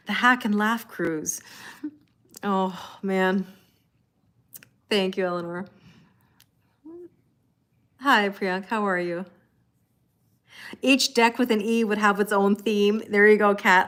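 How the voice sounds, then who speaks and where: A woman's voice: mid-range voice, a little slow, long pauses, a bit bright. A woman hosting a live tarot stream, chatting casually with viewers, joking and greeting them by name.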